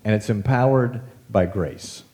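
A middle-aged man gives a relaxed, chatty sermon, poking fun at himself as he tells stories. His voice sits low with a dark, mellow tone, and he talks like he is among friends. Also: unhurried. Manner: conversational, self-deprecating, animated storytelling. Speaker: pastor. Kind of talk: casual sermon.

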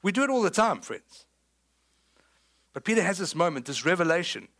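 Man, South African accent, preaching, slightly higher voice, animated storytelling, acts out the voices with humor. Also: moderate pace. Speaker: pastor. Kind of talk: sermon.

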